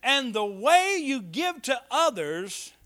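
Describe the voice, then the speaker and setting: A man preaching a sermon, calling on the congregation for amens and swinging between quiet asides and loud, emphatic lines. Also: extremely high pitch, sing-song, takes it slowly. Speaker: pastor.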